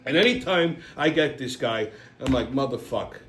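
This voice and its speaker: Brash, profane New ranter. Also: male voice, a little high, animated, moderate pace, fairly bright tone, slight background noise. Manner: brash, profane, exasperated ranting. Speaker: host. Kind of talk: comedic rant. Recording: echoey room with faint music.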